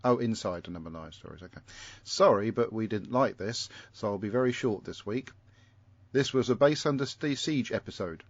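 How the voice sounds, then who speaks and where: A man's voice: lowish voice, moderate pace, no echo, highs cut off. A man hosting a podcast, reading out listener feedback in a casual, rambling way with chuckling asides and frequent self-interruptions. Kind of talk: casual chat.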